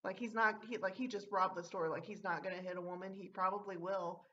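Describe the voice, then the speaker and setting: A woman's voice: medium pitch, fairly even intonation, fast talker, fairly bright tone. A young woman telling a story from her old job in a casual, rambling way, with many fillers and some swearing. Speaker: vlogger. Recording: dull lo-fi audio.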